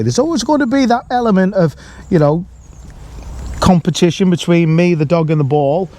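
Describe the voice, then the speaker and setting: A man, a dog trainer, explaining a training exercise outdoors in a calm, explanatory way, with sharp calls to the dog. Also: on the high side, a little fast, slight background noise. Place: outdoors in a field.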